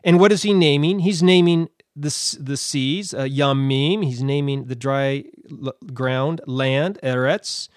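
A man's voice: medium pitch, a little slow, hardly any pauses, dry recording, studio quality. A man giving a Bible teaching, thinking aloud with fillers and restarts.

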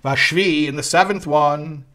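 Male text-study teacher, slightly high voice, reads a passage then translates, animated. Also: a little slow. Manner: animated, voice rising when quoting. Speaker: Torah teacher.

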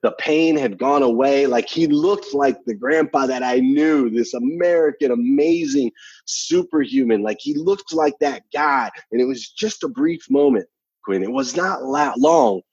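Husky-voiced man telling a heartfelt story. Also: mid-range voice, measured pace, darkish tone, no echo, highs cut off. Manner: emphatic, repeats phrases for effect; motivational, challenges the listener. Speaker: podcast guest. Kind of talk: personal storytelling.

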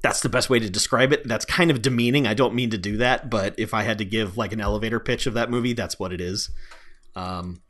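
A man co-hosting a casual movie podcast, relaxed and laughing often, with some swearing. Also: lowish voice, a little fast. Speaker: podcast co-host.

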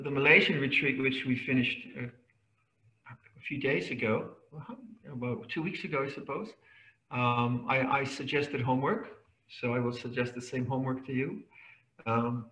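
A man's voice: mid-range voice, pushed and bright, roomy sound, distant mic, low-quality recording. A man giving a Dharma talk at a retreat, conversational and chuckling often, playfully mimicking voices to make his points. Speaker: Buddhist monk teaching a retreat.

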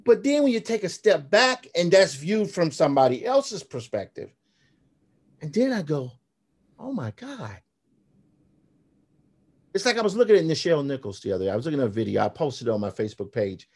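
Animated storytelling man in his fifties. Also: a little high, brisk, long pauses, slightly rough. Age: 50s. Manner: animated storyteller, acts out quotes. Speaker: guest, graphic novelist. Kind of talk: casual podcast conversation.

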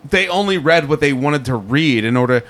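A man's voice: a little high, expressive, a little fast, a bit bright. A man telling a story in casual podcast chat, rambling and full of fillers like "like" and "um". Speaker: podcast co-host.

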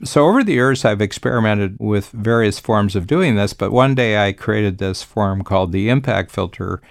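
Deep gravelly older man, confident. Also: expressive, moderate pace, no echo, clean studio sound. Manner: confident, storytelling, speaks in long reflective sentences. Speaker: business coach and podcast host. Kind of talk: conversational podcast talk.

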